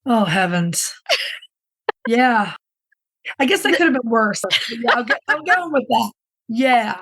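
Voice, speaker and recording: A woman's voice: on the high side, expressive, measured pace, fairly bright tone, slightly rough, low-quality recording. A woman co-hosting a podcast in casual chat, with a chatty, dry sense of humor. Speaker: podcast co-host.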